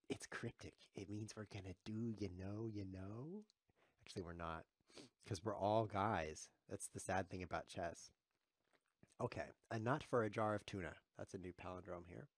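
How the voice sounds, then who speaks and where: Joking low-voiced male chess streamer. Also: steady tone, normal speed, dry recording. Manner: jokey, chuckling, reading chat aloud. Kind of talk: live chess commentary.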